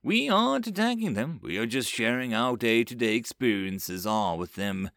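A man voicing an ancient, pleasant cosmic being that speaks calmly and precisely. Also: mid-range voice, moderate pace, dry recording, clean studio sound.

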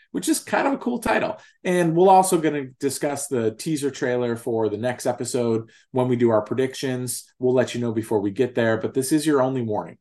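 A man's voice: mid-range voice, a little mellow. A man hosting a TV-show discussion podcast, joking in a mock-grandiose, profane way. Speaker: podcast host. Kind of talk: casual podcast chat.

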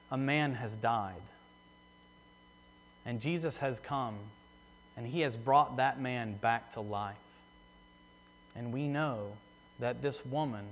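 A man preaching a sermon in earnest, repeating phrases for emphasis and slowing down on key words. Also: mid-range voice, slight background noise. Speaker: pastor. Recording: long hall reverb.

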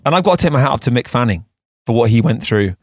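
A man's voice: mid-range voice, lively intonation, fast talker, no room sound. Male co-host, casual rambling storyteller, dry close-mic sound. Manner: rambling storyteller with many restarts. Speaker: podcast co-host. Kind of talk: casual chat.

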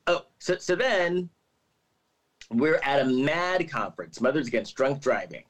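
A man's voice: mid-range voice, measured pace, poor audio. A man co-hosting a podcast, chatting casually and retelling scenes with lots of "like"s. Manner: chatty, animated storytelling with many "like"s. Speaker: podcast co-host. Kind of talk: casual chat.

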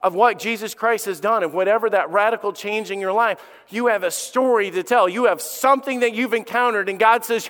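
A middle-aged man, a pastor, preaching a sermon and telling a personal story in an earnest way that rises to loud, emphatic peaks. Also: high voice, a little fast, hardly any pauses. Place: church sanctuary. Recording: long reverb of a large hall.

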